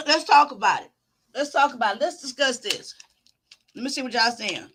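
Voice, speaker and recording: A woman's voice: high voice, animated, moderate pace, fairly bright tone, a little hiss or hum. A woman hosting a commentary channel, reading viewer comments aloud and giving her own take in a casual, conversational way. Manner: casual, talks things through with her viewers.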